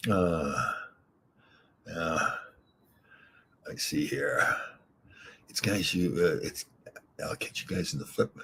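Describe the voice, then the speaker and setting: A man's voice: a bass voice, slow pace, long pauses, fairly bright tone, a little hiss or hum. A middle-aged man hosting a rambling, casual live stream, reading comments aloud and giggling often. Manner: giggly, rambling, laughs often between lines. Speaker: host reading live chat.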